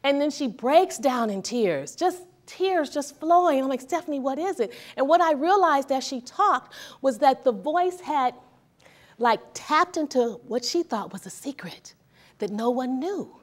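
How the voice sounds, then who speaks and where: A woman with a slightly higher voice gives a motivational talk to a morning seminar audience. She speaks conversationally and keeps checking in with the crowd by asking them questions. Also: animated, unhurried. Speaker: therapist and speaker.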